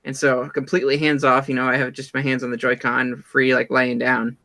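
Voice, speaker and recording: A man's voice: medium pitch, completely flat delivery, a little fast, bright, forceful tone. A man co-hosting a podcast on a headset, chatting casually with many hesitant ums and uhs. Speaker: podcast co-host. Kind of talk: casual chat. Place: home computer setup.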